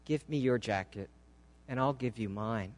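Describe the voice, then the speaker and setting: A man voicing a gentle, compassionate ragman who speaks softly and with quiet authority. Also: medium pitch, very slow, voice pushed down. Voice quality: soft, hushed. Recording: long hall reverb.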